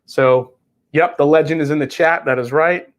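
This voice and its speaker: Male livestream whiskey host, a bit high voice, rambling and profane. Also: fairly even intonation, normal speed. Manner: rambling, swears freely, reads chat aloud. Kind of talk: casual livestream chat.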